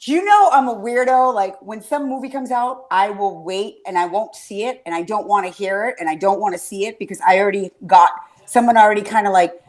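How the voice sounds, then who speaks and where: A woman's voice: mid-range voice, fairly quick. A woman hosting a casual podcast chat, rambling through stories, swearing freely and getting emotional. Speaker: podcast host.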